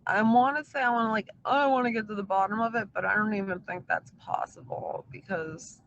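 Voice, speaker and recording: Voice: mid-range voice, a little fast, a bit bright, highs cut off, slight background noise. A livestreamer talking to their chat in a casual, meandering way, swearing often and full of fillers. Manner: profane, filler-heavy, meandering. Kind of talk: casual rambling stream chat.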